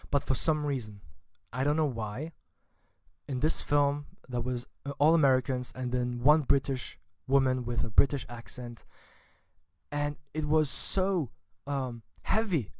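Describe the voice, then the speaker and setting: A man's voice: medium pitch, measured pace, darkish tone, no echo, clean studio sound. A man giving a casual spoken film review, chatty and informal with wry asides. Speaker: film vlogger.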